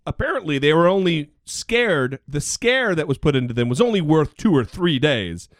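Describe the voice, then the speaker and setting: A man's voice: on the high side, big pitch swings, moderate pace. A male podcast co-host with a sarcastic, outspoken manner and a voice that swings up and down a lot. The recording is close and dry, with no room echo. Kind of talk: casual political chat.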